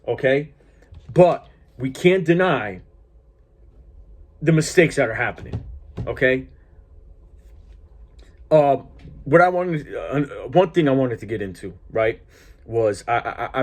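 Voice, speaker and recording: A fired-up man rants at mid pitch in a loose, profane monologue about wrestling. He stumbles over himself, repeating words and restarting lines as his thoughts run ahead of him. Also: a little mellow, slightly rough. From Greek heritage. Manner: profane, heated, restarts often. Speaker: wrestling commentator vlogger. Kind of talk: casual ranting monologue.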